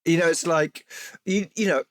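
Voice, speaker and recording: A man's voice: a little high, steady tone, moderate pace, fairly bright tone, dry recording, studio quality. A man, a guest on a film podcast, talking in a wry, self-mocking, hesitant way. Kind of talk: casual chat.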